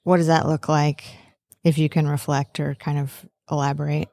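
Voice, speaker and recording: A woman hosts a podcast and asks thoughtful, engaged questions of her guest. Her voice is quite low for a woman. The recording is dry, with no room sound. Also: flat delivery, moderate pace, gravelly, dark tone, dry recording. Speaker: podcast host. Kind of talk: interview conversation.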